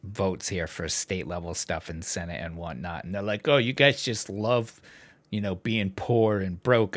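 Low-pitched and unhurried, this male podcast host keeps things casual while ranting about politics. His rant is animated and profane, broken up by frequent laughter.

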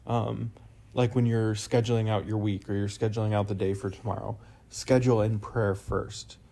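A young man co-hosting a casual faith talk, telling stories in a chatty, animated way with lots of fillers. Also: fairly low pitch, moderate pace, vocal fry. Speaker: podcast co-host.

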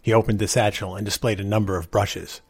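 Husky man reading a story. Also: on the low side, steady tone, quick pace, no echo, studio quality. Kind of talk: reading a short story aloud.

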